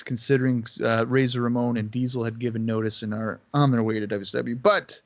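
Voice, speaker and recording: A man's voice: mid-range voice, no room sound. Podcast co-host, male, casual storyteller with a loose, profane delivery. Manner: swearing, storytelling, quick asides. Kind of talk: casual chat.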